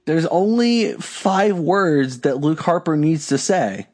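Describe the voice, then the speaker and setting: A young man co-hosting a casual podcast, venting in profane, exasperated rants. His voice sits a little high for a man, and the talk is loose and conversational. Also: animated, takes it slowly, a little mellow. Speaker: podcast co-host. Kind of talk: casual chat.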